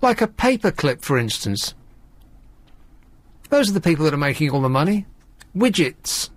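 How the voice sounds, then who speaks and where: A man's voice: fairly high pitch, big pitch swings, moderate pace, dry recording. A man hosting a late-night radio phone-in, chatting in a wry, rambling way and laughing easily with callers. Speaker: radio host. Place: radio studio.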